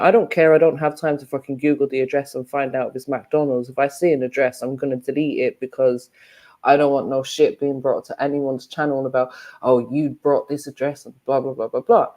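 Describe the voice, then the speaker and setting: A woman's voice: a bass voice, mellow. A woman, talking bluntly and emphatically in a casual live-stream chat, swearing freely.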